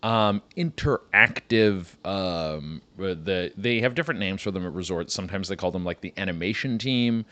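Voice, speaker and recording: A man's voice: low-pitched, moderate pace, few pauses, fairly bright tone, no room sound, dull audio. A man hosting a comedy podcast, riffing in a rambling, profane monologue and saying "dude" a lot.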